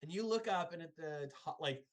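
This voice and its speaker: A woman's voice: deep voice, fairly quick. A woman narrating as game master of a tabletop game, describing scenes expressively.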